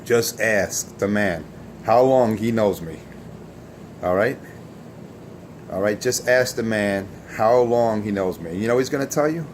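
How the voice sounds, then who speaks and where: A man's voice: lowish voice, measured pace, long pauses, a little hiss or hum. A man hosting a CB radio show, boasting and taunting rivals in a profane, self-assured way. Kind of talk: boastful on-air trash talk.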